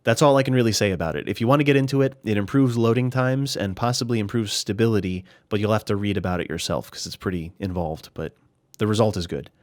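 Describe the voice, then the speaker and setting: A man with a lowish voice talks casually over a game, as if he were at his desk. He is chatty and relaxed, restarts his sentences and leans on filler words. The recording is dry and close, with no room sound. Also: fast talker, no room sound. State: slightly out of breath. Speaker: gaming YouTuber. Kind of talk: casual screen-recorded tutorial commentary.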